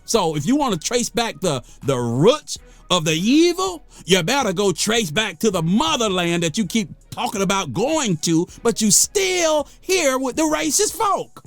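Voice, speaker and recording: Faint music plays under this American man's high, slightly slow voice, recorded with no room sound and hardly a pause. He's a vlogger preaching passionately to the camera, hammering phrases through repetition as he grows heated before calming himself again.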